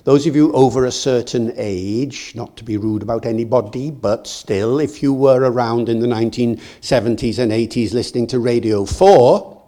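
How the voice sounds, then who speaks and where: An older British man giving a public lecture, telling stories in a lively, digressive way with acted quotes. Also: medium pitch, normal speed. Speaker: guest lecturer. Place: lecture hall.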